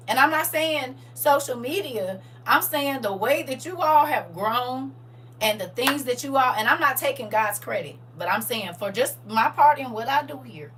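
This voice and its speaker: A middle-aged woman with a St. chatting casually with viewers on a livestream, telling animated stories and acting out her own reactions. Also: on the high side, recorded from a distance, slight background noise, rough recording. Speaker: livestream host.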